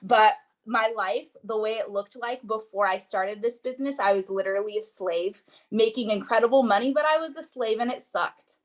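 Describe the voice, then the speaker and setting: A woman's voice: on the high side, normal speed, few pauses. A young woman giving an earnest, rambling motivational talk on a group call, full of fillers. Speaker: network marketing seller.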